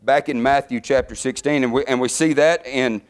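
A middle-aged man preaching a sermon, fervent, his voice climbing higher and louder as he builds. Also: fairly even intonation, moderate pace, clean tone.

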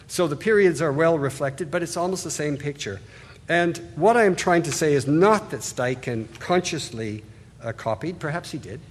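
A man giving an art history lecture, talking loosely and pointing things out on slides, often restarting his phrases. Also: a little high. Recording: hall reverb, husky voice.

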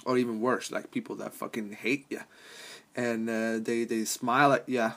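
Brief: young male podcast host, loose profane rambling, frequent laughs, mid-pitched voice. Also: level tone, moderate pace, fairly bright tone. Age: young adult. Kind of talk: casual rambling monologue.

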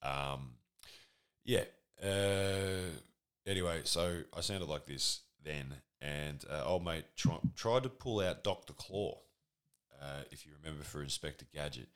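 An Australian man in his forties with a bottomless, rumbling bass voice spins a casual comedic anecdote. He rambles, swears freely and pokes fun at himself as he goes. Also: measured pace, a bit bright, smooth. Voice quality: extremely deep voice. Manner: rambling, profane, self-deprecating storytelling.

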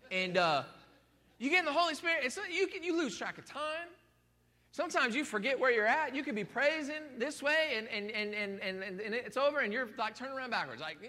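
A man preaching a sermon in a lively, folksy way, acting out the people in the story. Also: high voice. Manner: animated, acts out quotes of people, folksy. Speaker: pastor. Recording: reverberant hall.

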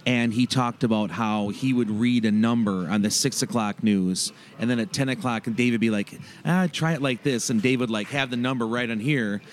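A man's voice: medium pitch, fairly even intonation, moderate pace, hardly any pauses. A man hosting a podcast, recounting a story and asking the guest a question in a conversational way. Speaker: podcast host. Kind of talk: interview questions.

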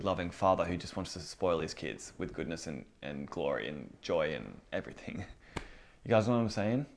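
A man teaching a Bible lesson in a casual, conversational way, asking the room rhetorical questions. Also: fairly low pitch. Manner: informal, rhetorical questions, acts out inner voices. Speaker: preacher.

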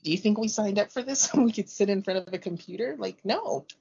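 A woman's voice: medium pitch, quick pace, gravelly, muffled recording, slight background noise. A middle-aged woman, a teacher, chatting casually in an interview and acting out classroom conversations as she tells them. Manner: animated storyteller acting out dialogue.

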